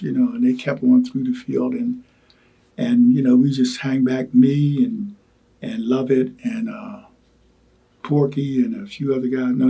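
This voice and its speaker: Gravelly older man, dark worn voice. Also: mid-range voice. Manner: halting, repeats words, many "you know" asides. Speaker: Vietnam veteran interviewee. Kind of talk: oral history recollection.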